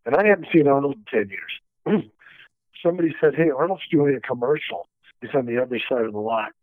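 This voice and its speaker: A man telling stories from his career as a stunt coordinator, animated and acting out the dialogue he quotes. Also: medium pitch, normal speed, no room sound. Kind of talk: storytelling interview. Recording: dry, tinny phone-like line.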